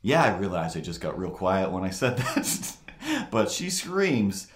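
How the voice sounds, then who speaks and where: A man livestreaming while he draws, telling a rambling story in a casual, animated way. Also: deep voice, unhurried, reverberant. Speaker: streamer drawing live.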